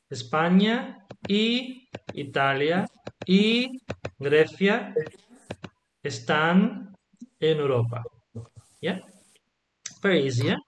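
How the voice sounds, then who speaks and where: A man's voice: on the high side, a little hiss or hum. A man teaching Latin to a small group, patiently asking questions and checking that they follow. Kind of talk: online group lesson.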